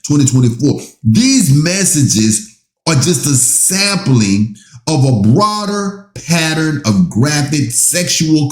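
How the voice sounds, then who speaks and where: Slow, emphatic man in an echoey room. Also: medium pitch. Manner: slow and emphatic, rising into exasperated asides. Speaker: commentator reading a legal statement. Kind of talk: reading out documents with commentary.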